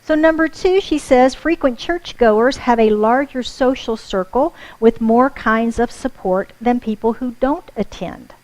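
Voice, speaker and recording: American lady pastor giving a sunday sermon, chatty, checks in with the crowd, bit high voice. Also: a little slow, few pauses, poor audio. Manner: warm conversational preaching with audience asides. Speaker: minister. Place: church sanctuary.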